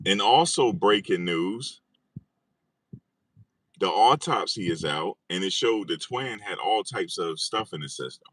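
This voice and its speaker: A man's voice: low-pitched, expressive, measured pace, a bit bright, breathy edge, no room sound. A man talking in a casual commentary vlog as an online commentator, incredulous and repeating his own phrases.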